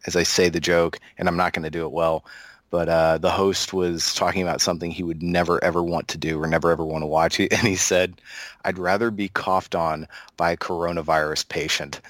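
A man's voice: deep voice, flat delivery, fairly quick, fairly bright tone, no room sound, studio quality. A man guesting on a podcast, chatting casually and laughing as he tells stories. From Oklahoma, US. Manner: laughs while telling stories, drawling.

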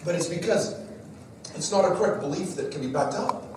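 A middle-aged man giving a church talk to a live audience, telling lively stories that poke fun at himself. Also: high voice, a little fast, noisy background. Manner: lively storyteller, jokes at his own expense. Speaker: speaker at a church parenting talk. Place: large echoey room with a live audience. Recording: echoey hall recording from far off.

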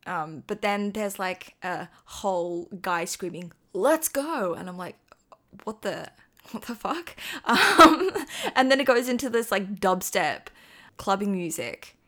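Young aussie woman chatting casually, slangy, laughs a lot, mid-pitched voice. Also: lively intonation, unhurried, pushed and bright. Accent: Australian. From Australia. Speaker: co-host. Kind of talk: casual commentary chat.

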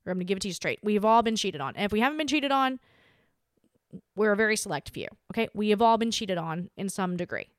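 A woman's voice: medium pitch, fast, no echo, studio quality. A woman hosting her own podcast, talking candidly and animatedly in a casual chat straight to listeners. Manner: chatty, candid, animated, with frequent filler "like". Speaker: podcast host.

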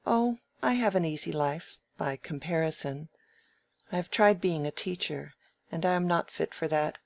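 A reader puts on a quick-tongued young woman with a frank, teasing edge, set a little higher than the reader's own voice. The reading has a gravelly texture and comes over a dry, close microphone. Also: no echo, lightly acted. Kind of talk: audiobook dialogue reading.

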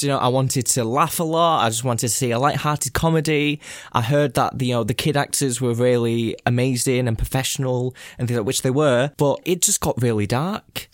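A young man, co-hosting a podcast in casual chat, animated and jokey, laughing often. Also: mid-range voice, no room sound, clean studio sound. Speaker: podcast co-host.

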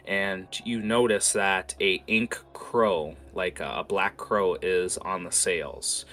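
A man's voice: low voice, fairly even intonation, takes it slowly, pushed and bright. A man narrating as game master, loose and full of fillers.

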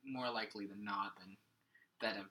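A young man co-hosting a podcast in casual chat, talking in halting restarts and swearing freely. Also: fairly low pitch, steady tone, bright, forceful tone. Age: young adult. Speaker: podcast co-host.

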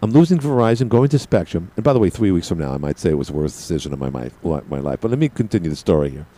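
Chatty Brooklyn-accented radio host. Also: male voice, low-pitched, very animated, rapid-fire, mellow, poor audio. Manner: chatty, digressive, self-deprecating. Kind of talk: rambling monologue.

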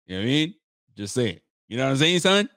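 A man's voice: mid-range voice, very animated, fast, fairly bright tone, no echo, studio quality. Blunt, frustrated man ranting on a podcast. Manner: frustrated, blunt, swears freely, reads viewer comments. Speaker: podcast host. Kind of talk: live fan podcast rant.

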